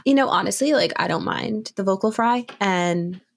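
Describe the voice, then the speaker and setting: Woman with a creaky, scratchy throat. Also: medium pitch, moderate pace. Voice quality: vocal fry. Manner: relaxed, uses lots of "like" and "um". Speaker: podcast co-host. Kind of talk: casual podcast chat.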